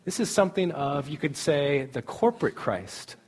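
This campus ministry speaker, a middle-aged man, jokes his way through a casual sermon at a student camp, breaking into laughter throughout. His voice runs on the high side with a darkish tone, animated and at a moderate pace.

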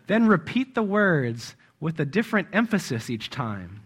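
Guy preaching casual-like, leans hard on words, laughs a lot, voice a bit on the high side. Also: big pitch swings, moderate pace, few pauses, breathy edge. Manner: warm, emphatic, chuckles often. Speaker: church speaker. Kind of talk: conversational sermon.

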